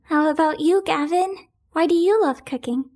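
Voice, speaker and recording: A woman voicing a poor, unsure young woman who speaks through tears in an animated story. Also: sits high, lightly acted. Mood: soft. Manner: crying, shaky, slow.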